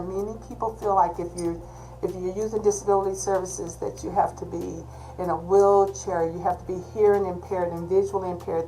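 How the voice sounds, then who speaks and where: A woman's voice: mid-range voice, darkish tone, low-quality recording. Emphatic woman from Texas on a video call. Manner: emphatic, repeats key points. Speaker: disability services manager. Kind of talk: virtual orientation presentation.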